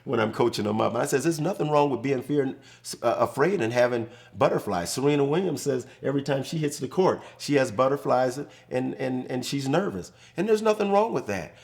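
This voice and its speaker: A man in his sixties, a former football player, chatting as a studio guest and telling animated stories. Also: mid-range voice, a little fast, gravelly, few pauses. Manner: animated storyteller, acts out quotes. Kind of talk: casual studio chat, storytelling. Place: studio set.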